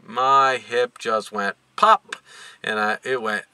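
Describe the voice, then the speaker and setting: A middle-aged man vlogging to camera in a casual, joking way, laughing between lines and sounding worn out. His voice is very bright and smooth, and the sound is dry and close, with no room around it. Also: mid-range voice, steady tone, slow, no echo. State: tired, yawning.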